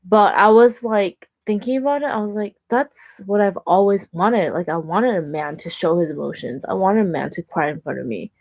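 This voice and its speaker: A young woman talking through her dating life in a chatty, animated vlog, with lots of "like" fillers. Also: mid-range voice, moderate pace, hardly any pauses, dry recording. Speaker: vlogger. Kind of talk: casual vlog monologue.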